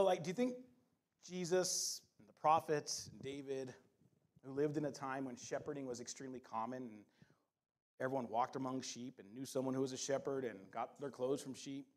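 A middle-aged man in the pulpit delivers a lively sermon, his fairly high voice rising and falling as he reads scripture and teases the congregation. He slows for emphasis and then jumps into playful asides and mock voices. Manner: humorous, animated preaching with playful voices. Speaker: pastor.

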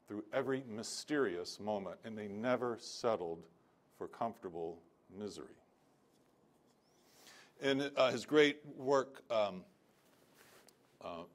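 A man giving a sermon-style lecture as a pastor, telling a story with many fillers. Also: lowish voice.

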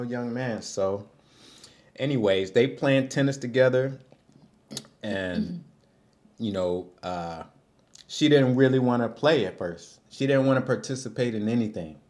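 A man's voice: on the low side, a little mellow. A man, father of a young son, casually recapping a reality show episode with a co-host, laughing often and acting out what people said. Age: adult with a young son. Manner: laughs often, loose and joking, acts out quotes.

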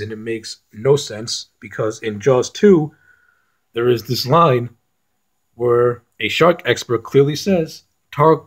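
Guy ranting bout a movie, curses a lot, keeps restarting, mid pitched voice. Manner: blunt and profane, with restarts. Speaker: film reviewer. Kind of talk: casual film review rant.

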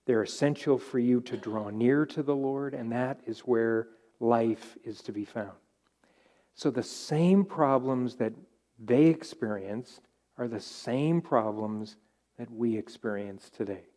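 A middle-aged man preaching at a Bible study with a warm, mellow voice. He speaks earnestly and circles back to his key phrases to drive them home. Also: medium pitch, slow. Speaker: pastor.

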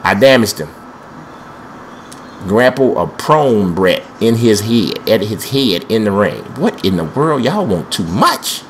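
A man's voice: lowish voice, big pitch swings, slow, a little hiss or hum. A young man giving panicky, trash-talking commentary while playing a wrestling video game, with speech. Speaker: gameplay commentator. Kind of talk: excited let's-play commentary.

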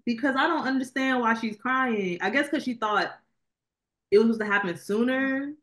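A woman's voice: a little high, normal speed, a bit bright. A woman co-hosting a podcast, chatting casually about a film she reviewed, rambling with lots of fillers. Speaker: podcast co-host. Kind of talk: casual movie review chat.

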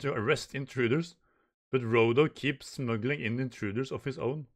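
A man's voice: mid-range voice, normal speed. A man hosting a manga reaction, reading the dialogue aloud and commenting, often stumbling and repeating words as he reads. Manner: reads the dialogue aloud in lightly raised voices.

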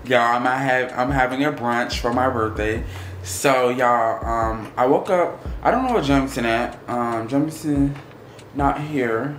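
A young man in his twenties, hoarse from losing his voice, chatting excitedly to viewers in a casual vlog. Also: medium pitch, a little slow, roomy sound, a little hiss or hum. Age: 20s. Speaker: vlogger.

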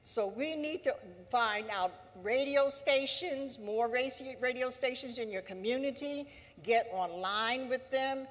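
A woman labor leader giving an impassioned assembly speech, emphatic and repetitive, rising to forceful exhortation. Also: high voice, unhurried, few pauses. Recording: long hall reverb.

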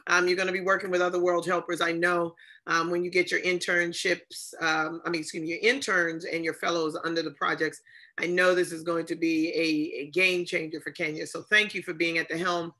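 A woman hosts an online inauguration over a video call, her voice bright and clear. She talks in long strings of thanks and praise, with plenty of ums along the way. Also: on the low side, level tone, brisk. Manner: effusive, many fillers and thanks. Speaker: ceremony host. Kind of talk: emotional ceremony hosting on a video call.

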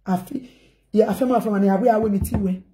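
A woman's voice: medium pitch, fairly even intonation, quick pace, warm tone. A woman with a Nigerian accent talking casually to her viewers in a rambling, repetitive way, mixing in pidgin phrases.

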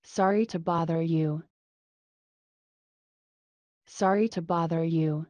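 A woman reading short English phrases twice each for learners, careful and even. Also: low-pitched, takes it slowly, no echo. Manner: careful, evenly paced reading aloud.

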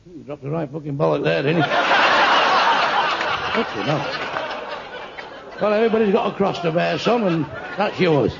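A man's voice: fairly high pitch, normal speed, gravelly, pauses often, very noisy. A man from England doing live stand-up, swearing crudely and insulting people in the audience. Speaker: stand-up comedian. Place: comedy club before a live audience. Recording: dull echoey live club recording with crowd laughter.

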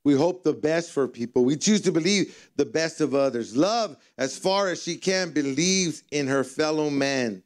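High-voiced man preaching a sermon. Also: normal speed, hardly any pauses. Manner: conversational preaching with humorous storytelling. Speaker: pastor. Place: church service.

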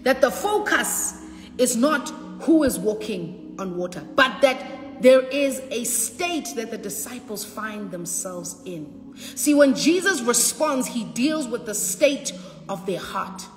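A high-voiced woman preaches with fervor and repeats her key lines. Her voice rings through a hall with a long reverb, and soft music plays underneath. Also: big pitch swings, a little slow. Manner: impassioned preaching with shouts and repetition. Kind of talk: sermon.

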